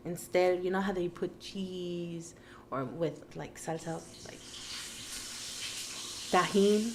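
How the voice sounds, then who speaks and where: A woman's voice: fairly low pitch, noisy background. A tired woman co-hosting an eating show in casual chat, giggling and losing her train of thought. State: tired from no sleep. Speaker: mukbang co-host.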